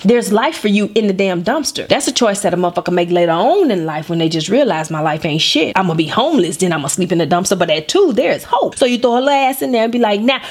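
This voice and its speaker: Brash, lively woman comic. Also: medium pitch, fast talker, few pauses. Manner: brash, profane, acts out voices. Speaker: stand-up comedian. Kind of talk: profane stand-up storytelling.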